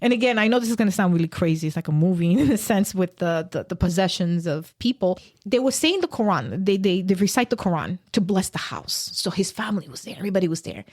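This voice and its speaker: A woman guest on a podcast, telling a personal story in an earnest, halting way with many restarts. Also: fairly low pitch, lively intonation, a little mellow.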